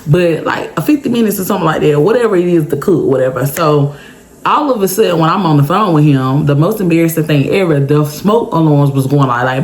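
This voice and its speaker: A woman casually telling a personal story to her viewers in a chatty, animated way, often checking in with "okay?". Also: fairly quick. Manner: big pitch jumps for emphasis. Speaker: storytime vlogger.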